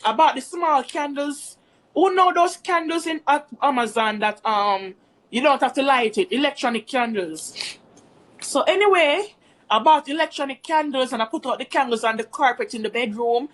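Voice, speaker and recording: A woman's voice: high-pitched, lively intonation, moderate pace, fairly bright tone. A woman telling a rambling, chatty story to her viewers in a casual storytime vlog. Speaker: vlogger.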